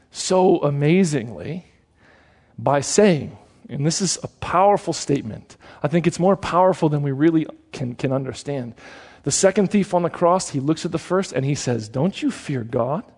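A man's voice: fairly high pitch, animated, unhurried, darkish tone. A male preacher delivering a sermon in an earnest way, repeating words for emphasis.

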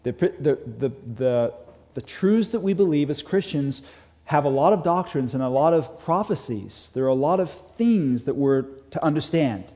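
A man preaching a sermon as a pastor, earnest, rising in intensity and then dropping to soft emphasis. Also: a little high, expressive, normal speed. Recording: long hall reverb.

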